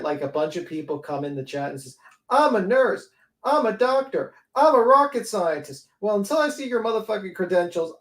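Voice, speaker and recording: A man hosting a livestream panel, ranting sarcastically with a lot of profanity. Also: sits high. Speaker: panel host. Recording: roomy echo.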